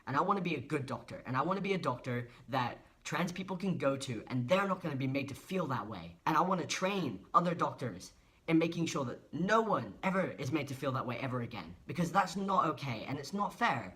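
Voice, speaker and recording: A man's voice: fairly high pitch, very animated, a little fast, a bit bright. A young man, speaking earnestly and emotionally in a personal vlog monologue. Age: 20s. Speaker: vlogger.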